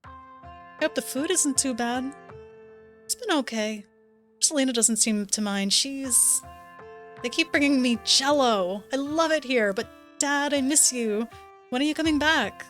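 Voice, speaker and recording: A woman's voice: high-pitched, a little slow, long pauses, fairly bright tone, faint music behind, pitched above the performer's own voice. A woman voicing a cheerful young girl in a hospital bed, goofy and bubbly on pain meds. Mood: wistful.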